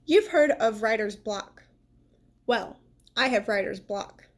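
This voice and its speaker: A reluctant young schoolboy begs and sulks, a storybook kid that a woman reader puts on. His voice sits fairly high and rushes as he whines for one more treat. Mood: glum. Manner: pleading, dragging his feet. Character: young schoolboy, whiny and cookie-craving.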